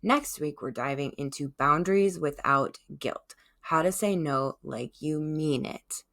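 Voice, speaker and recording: Low, slow-talking woman podcast host. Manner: gentle, encouraging, checks in with "okay?". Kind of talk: self-help podcast monologue.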